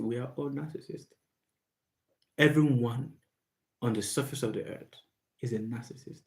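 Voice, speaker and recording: A man hosts a live question-and-answer stream in an unremarkable mid-range voice. He speaks slowly and with heavy emphasis, repeating key words so they sink in. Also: mid-range voice, steady tone, dark tone. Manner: slow, emphatic and repetitive, stressing words. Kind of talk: live Q&A monologue.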